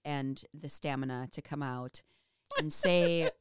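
A woman's voice: sits low, takes it slowly, clean tone, dry recording. A woman co-hosting a podcast in casual chat, making dry, teasing remarks. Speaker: podcast co-host.

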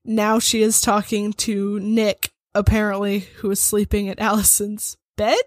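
Slow, dry-voiced woman game master. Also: mid-range voice, monotone, dry recording. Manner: slow, amused, casual narration. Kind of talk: narrating a tabletop game.

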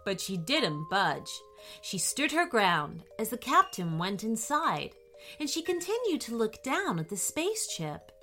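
A woman narrating a children's story in a gentle, expressive storybook manner, giving the characters little voices. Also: fairly high pitch, measured pace, faint music behind.

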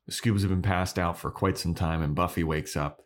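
Low-pitched guy host, easygoing rambling recap. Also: steady tone, fairly quick. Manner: loose scene-by-scene recapping with laughs. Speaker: podcast co-host. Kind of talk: casual chat.

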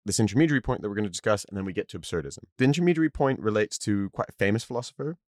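A man's voice: on the low side, animated, racing, no echo, studio quality. A man co-hosting a podcast, explaining ideas step by step in casual chat with jokey asides. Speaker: podcast co-host.

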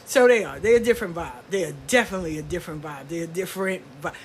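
A woman's voice: fairly low pitch, very fast, slight background noise. An older woman, a grandmother, telling stories about her grandchildren in a blunt, profane, casual way and laughing often. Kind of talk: casual storytelling.

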